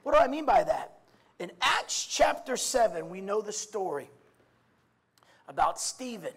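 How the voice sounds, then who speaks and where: This preacher's voice sits high, with a sing-song, slightly rough quality and a somewhat slow delivery. His sermon moves from soft reflection to loud shouts, full of stammered restarts and repeated "I mean."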